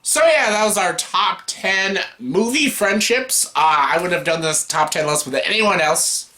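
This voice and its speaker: A man hosting a casual movie chat, excitable, swearing freely and laughing often. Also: sits high, a little slow. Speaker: YouTube host.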